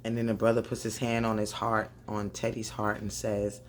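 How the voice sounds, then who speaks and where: A woman doing a casual, animated recap of a TV episode, talking straight to her viewers and laughing often. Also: extremely low pitch, moderate pace, a little hiss or hum. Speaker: TV recap vlogger. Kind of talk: casual chatty show recap.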